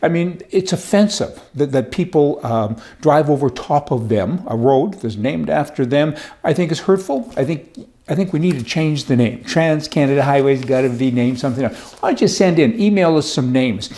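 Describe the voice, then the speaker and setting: A man with a fairly high, mellow voice delivers an off-the-cuff opinion monologue. He jokes and rants in a folksy way, full of asides. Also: expressive, normal speed. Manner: folksy, joking, opinionated ranting. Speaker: political commentator.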